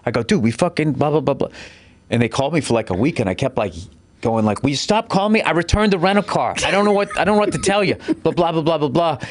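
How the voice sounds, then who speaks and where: A man's voice: fairly high pitch, expressive, fast. A man, a comedian guest, swearing freely as he rambles through a story in casual chat.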